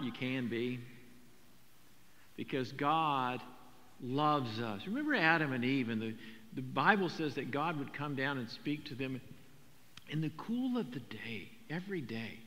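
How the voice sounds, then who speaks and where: An older man preaching a sermon, talking in a conversational, animated storytelling way with frequent repetitions. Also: medium pitch. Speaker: pastor. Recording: long hall reverb.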